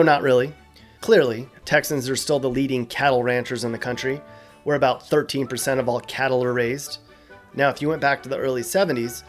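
A man hosting a scripted explainer video, casual and joking with wry asides. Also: medium pitch. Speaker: host.

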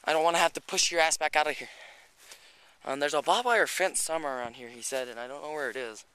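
A man's voice: on the high side, fast, sharp tone, smooth, dry recording. Rambling, swearing man vlogging outdoors. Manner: rambling, swears a lot, chatty asides. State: slightly out of breath. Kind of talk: casual walking vlog. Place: outdoors in rural hills by a creek. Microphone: handheld camera.

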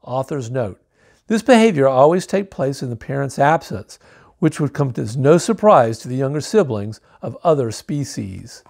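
A man's voice: mid-range voice, sing-song, moderate pace, gravelly, darkish tone. A man reading a picture book aloud, with wry, joking asides between the story lines. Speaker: storybook reader.

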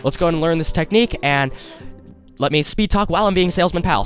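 Rambling higher-voiced gaming commentator. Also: male voice, fast, a bit bright, soft background music. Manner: rambling, apologetic. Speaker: let's play host. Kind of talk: gameplay commentary. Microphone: desktop headset mic.

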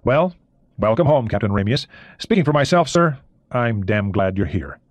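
A man's voice: fairly low pitch, big pitch swings, normal speed, no room sound. A male audiobook narrator reading the lines of a friendly American CIA analyst in a plain conversational way. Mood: easygoing.

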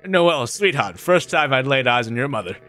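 A young man voicing a joking, gruff reindeer-monster father lying in a hospital bed. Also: mid-range voice, lively intonation, fairly quick, sharp tone, faint music behind.

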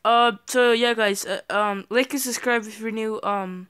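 A high-pitched teenage boy hosting his own gaming video, talking slowly and loosely between bursts of excited yelling. His voice cracks whenever he shouts at the game. When he signs off, he trails into plenty of ums. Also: clean tone, no room sound. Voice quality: voice cracks on loud yells. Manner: excitable, yelps and shouts at the game, hesitant fillers in the outro. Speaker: gaming channel host. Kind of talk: gameplay commentary.

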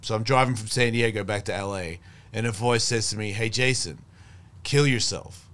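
A man's voice: lowish voice, fairly even intonation, fast, a bit bright, smooth. A middle-aged man telling a long story as a podcast guest, swearing freely and acting out what others said. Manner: profane, rambling, acts out quoted voices. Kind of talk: casual storytelling chat.

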